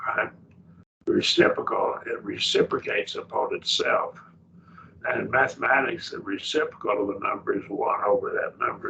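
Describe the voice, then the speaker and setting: A man's voice: lowish voice, creaky, sharp tone, slight background noise. A man teaching a Greek grammar class, explaining patiently and checking in with his students, heard from a distant mic. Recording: distant mic, dull muffled classroom recording.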